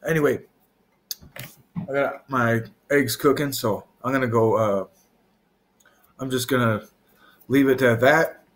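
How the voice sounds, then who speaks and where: A man's voice: medium pitch, steady tone, measured pace, pauses often. A man talking to camera in a loose, meandering way, trailing off and restarting his thoughts. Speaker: vlogger. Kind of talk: rambling casual monologue.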